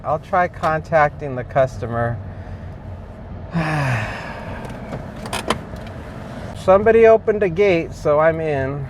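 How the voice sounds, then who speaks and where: A man talking casually to camera while out on delivery runs, chatty and full of fillers and chuckles, recorded inside a car. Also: on the high side. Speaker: delivery driver vlogger. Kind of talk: casual ride-along narration. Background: faint car and street noise.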